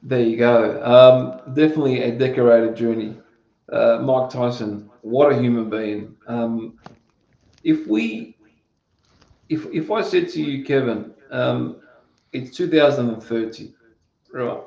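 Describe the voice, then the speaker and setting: A man's voice: mid-range voice, unhurried, vocal fry, dark tone. A man hosting an interview, asking questions in an easygoing, casual way. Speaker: podcast host. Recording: roomy, muffled lo-fi sound.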